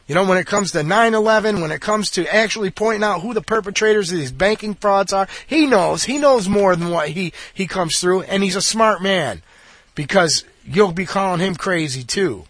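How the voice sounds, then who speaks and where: Angry ranting man with a high voice. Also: normal speed, a bit bright, dry recording. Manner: ranting, repetitive, blunt, swears. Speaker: political commentator. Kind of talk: angry monologue.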